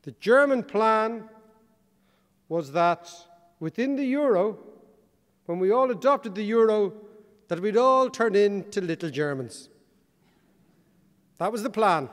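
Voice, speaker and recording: A man with an Irish accent giving a wry, joking conference speech as keynote speaker. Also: high voice. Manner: wry, joking, animated delivery. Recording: long reverb of a large hall.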